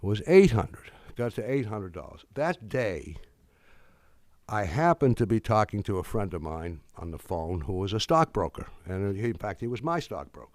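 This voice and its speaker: A man's voice: fairly low pitch, very animated, normal speed, a little mellow, dry recording. A man giving a public lecture in a conversational, storytelling way, acting out the dialogue he quotes.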